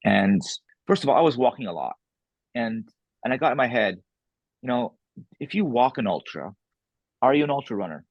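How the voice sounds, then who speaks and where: A man, an author guest, candidly recounting a personal story in a casual interview with an animated, self-deprecating manner. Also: mid-range voice, moderate pace, long pauses, no echo, lo-fi sound.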